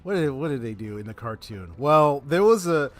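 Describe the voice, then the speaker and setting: A man's voice: medium pitch, sing-song, moderate pace, soft background music. A man streaming a video game live, chatting casually and telling a story with frequent laughs. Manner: chatty storytelling, laughs often, reads game dialogue aloud. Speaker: gaming streamer. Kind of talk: casual live gameplay chat.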